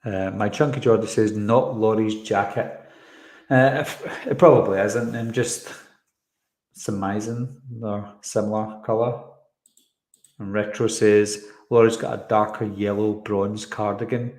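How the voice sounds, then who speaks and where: A man's voice: on the low side, steady tone, unhurried, darkish tone. A man hosting a live stream, casually reading out and answering viewer comments with a rambling, chatty manner. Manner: chatty, rambling, frequent fillers. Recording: roomy echo.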